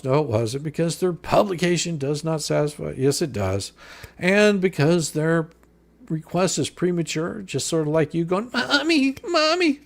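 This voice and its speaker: A man's voice: on the high side, vocal fry. A man hosting a live stream, reading a legal filing aloud and answering each point with profane, sarcastic mockery. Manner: mocking, profane, sarcastic rebuttals.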